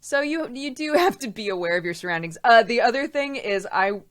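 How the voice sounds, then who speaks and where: A woman's voice: on the high side, lively intonation, brisk. A woman streamer chatting casually on her weekly show. She talks in loose, rambling runs and laughs often, and she breaks off to thank viewers by name. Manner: chatty, laughs often, reads out chat names. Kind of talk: casual live-stream chat.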